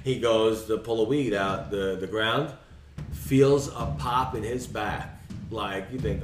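A man's voice: lowish voice, slow, reverberant, recorded from a distance, over music. A man telling a long story in a casual podcast chat, profane and rambling, often acting out what others said. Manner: profane, rambling, acts out quoted voices. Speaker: podcast co-host.

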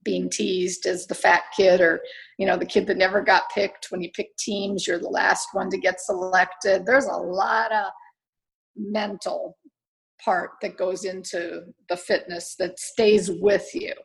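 A woman who runs her own fitness studio speaks in a relaxed interview, her voice carrying a gravelly fry. She explains her views earnestly and encouragingly, pausing on fillers as she thinks. Her pitch sits in an ordinary middle range. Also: low-quality recording. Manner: earnest, encouraging, talks through ideas with many fillers. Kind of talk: casual interview answers.

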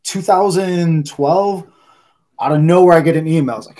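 A man telling loose, animated stories in casual podcast chat, swearing freely and saying "like" a lot. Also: a little high, normal speed. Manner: loose, profane, heavy use of "like"; animated anecdote teller. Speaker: podcast guest.

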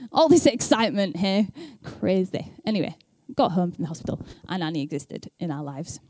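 A woman's voice: lowish voice, expressive, normal speed, darkish tone, a little hiss or hum. A young woman speaking at church in a chatty, self-deprecating way, laughing often, then reading scripture aloud. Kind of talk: casual talk and scripture reading.

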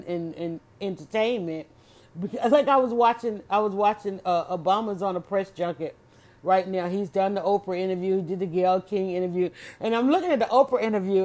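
A woman chatting casually on her own, animated and exclamatory, often restarting her sentences. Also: mid-range voice. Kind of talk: casual solo chat.

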